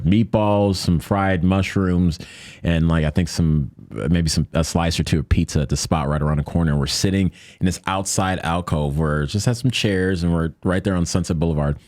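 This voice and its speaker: A man's voice: sits low, moderate pace, dry recording, clean studio sound. A man as a podcast guest, telling a personal story in a loose, rambling way and acting out the voices of people in it. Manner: animated, acts out quoted voices. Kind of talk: casual storytelling.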